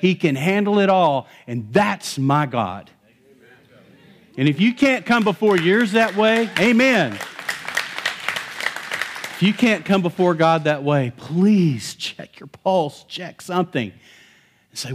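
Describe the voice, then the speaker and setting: A middle-aged male pastor preaching a sermon in a conversational, animated way, with touches of humor. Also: high-pitched, slow, long pauses, some chatter behind.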